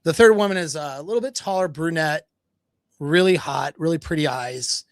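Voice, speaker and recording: A dating coach on a livestream, casually retelling a story with laughs, false starts and stumbles. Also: male voice, on the high side, normal speed, no echo.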